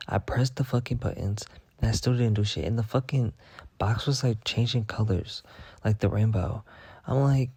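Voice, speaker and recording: A young man telling a rambling, profane story in a casual monologue, packed with filler words and deadpan bragging. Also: fairly low pitch, moderate pace, no echo. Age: young adult. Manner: rambling, heavy on "like" fillers and swearing. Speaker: vlogger.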